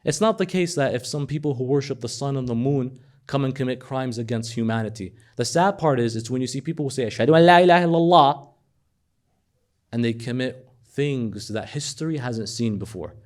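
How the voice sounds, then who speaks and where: A man giving a sermon, swinging between loud emphatic questions and hushed storytelling. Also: mid-range voice, brisk. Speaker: speaker at a religious gathering.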